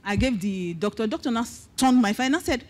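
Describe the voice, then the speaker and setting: A middle-aged Nigerian woman pastor giving an animated testimony sermon, mixing in Pidgin asides as she tells her story. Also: a little high, quick pace.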